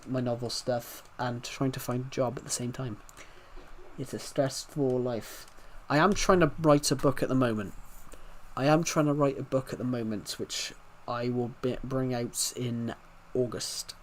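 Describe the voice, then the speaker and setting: A man's voice: mid-range voice, slight background noise. A man hosting a casual game livestream, rambling and chatting directly to his viewers. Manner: rambling, chatty, talking to chat. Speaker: game streamer.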